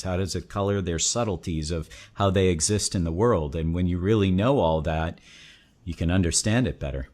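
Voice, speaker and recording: A man hosting an interview, who encourages his guest and asks reflective follow-up questions. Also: deep voice. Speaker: interview host. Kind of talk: casual interview chat.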